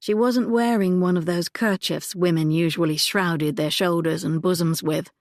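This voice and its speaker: Measured woman audiobook narrator, dry sound. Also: lowish voice, fairly even intonation, a little mellow, no room sound.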